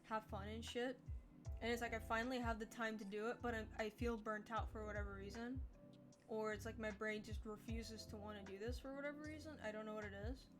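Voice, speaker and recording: Young woman streamer, tired and low-key, slightly high voice, candid rambling chat over faint music. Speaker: art streamer. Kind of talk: casual live-stream chat.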